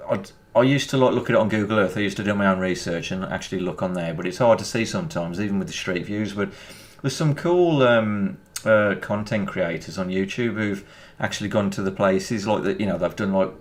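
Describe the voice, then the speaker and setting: A man's voice: fairly low pitch, fairly quick, few pauses. A man with a Birmingham accent chatting casually while playing a video game, rambling and chuckling often. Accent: Birmingham English. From England. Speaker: gaming YouTuber. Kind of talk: casual chat over gameplay.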